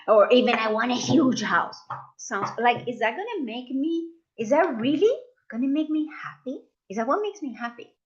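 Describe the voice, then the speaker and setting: A woman leading a live masterclass, talking warmly to her audience and acting out the voices people use on themselves. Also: on the high side, muffled recording. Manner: expressive, acts out inner voices, addresses audience as "you guys". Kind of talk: live online masterclass talk.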